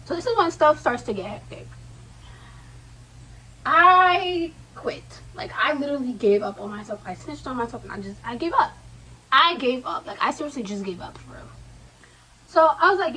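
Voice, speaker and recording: Young woman, casual slangy storyteller; sharp high voice, a bit off-mic in a quiet room. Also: fairly quick, distant mic, poor audio. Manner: slangy, animated retelling with quoted asides. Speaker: vlogger.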